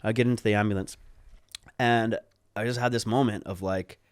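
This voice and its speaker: A man with a low, resonant voice tells a story as a podcast guest, speaking fairly quickly and clearly in a casual, animated way while swearing freely. He acts out what people said. The sound is dry and close, with no echo.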